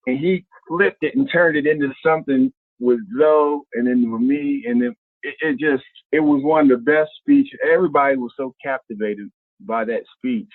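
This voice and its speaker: A man from Ohio, a former basketball player, telling stories as a guest in a casual, colloquial way, acting out quotes with big jumps in pitch. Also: normal speed, no room sound. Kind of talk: casual storytelling. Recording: tinny phone-line sound.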